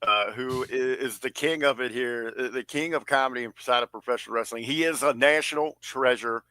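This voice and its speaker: A man's voice: mid-range voice, a little fast, pushed and bright, smooth, no echo. A man co-hosting a casual wrestling podcast, hyping up over-the-top mock-patriotic bits and stretching out words for emphasis. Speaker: podcast co-host.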